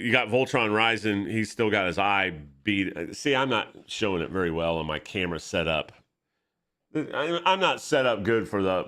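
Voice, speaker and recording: A man chatting casually while drawing at his art desk, excitable, profane and rambling. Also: low voice. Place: home art desk with camera setup.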